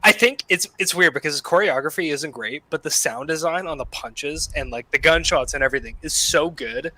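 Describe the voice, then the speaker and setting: Excitable podcast dude, kinda high voice, bright and forceful, cusses a lot. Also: male voice, fairly quick, low-quality recording. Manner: excitable, swears a lot, laughs often. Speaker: podcast co-host. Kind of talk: casual film podcast chat.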